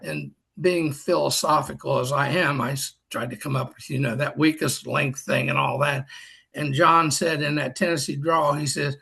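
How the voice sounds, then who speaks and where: An older man with a somewhat high, gravelly voice tells folksy anecdotes to his peers on a video call. His tone is bright and forceful, and his humor is dry and self-deprecating. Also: steady tone, moderate pace. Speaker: past district governor. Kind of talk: storytelling talk on a group call.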